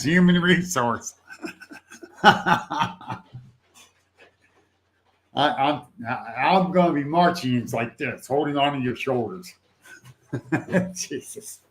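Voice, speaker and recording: An older man with a medium-pitched, fairly bright voice hosts a casual livestream. He rambles in a folksy way as he answers viewers, laughing often and swearing now and then.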